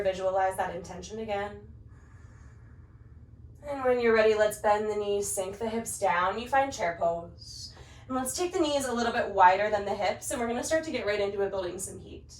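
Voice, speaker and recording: A yoga instructor with a medium-pitched voice speaks at a normal speed, offering gentle, calm cues paced to the breath. She sounds a bit winded as she moves through the poses herself, and the mic picks her up from afar in a roomy space.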